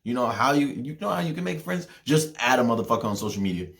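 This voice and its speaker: A young man hosting a podcast, ranting in a heated, profane way, with loud outbursts and low mutters. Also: animated, fast, creaky. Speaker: podcast host.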